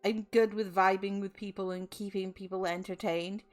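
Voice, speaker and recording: A woman's voice: mid-range voice, level tone, normal speed, soft background music. A Welsh woman in her twenties chatting on a stream, chatty and giggly with lots of fillers. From Wales. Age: 20s. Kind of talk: casual chat.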